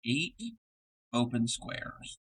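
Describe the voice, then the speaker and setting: A man's voice: mid-range voice, extremely slow, fairly bright tone, husky, rough recording. A man chatting casually on a livestream while crocheting, reading chat aloud and laughing often. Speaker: streamer crocheting live.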